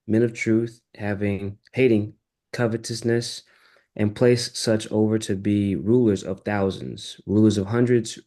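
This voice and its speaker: A man in a study group reading a scripture passage aloud, steady and deliberate. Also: fairly low pitch.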